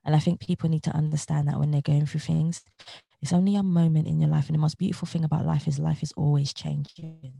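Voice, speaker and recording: Dark, gravelly woman giving earnest advice. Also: deep voice, flat delivery, quick pace, dry recording. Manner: earnest, motivational, repeats key phrases. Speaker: interview guest. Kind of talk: reflective interview talk.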